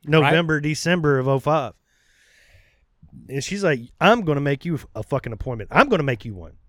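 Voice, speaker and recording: A man's voice: fairly high pitch, fairly quick, no echo. Profane storytelling man, dry close sound. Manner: profane, animated, acts out quoted voices. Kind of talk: casual storytelling chat.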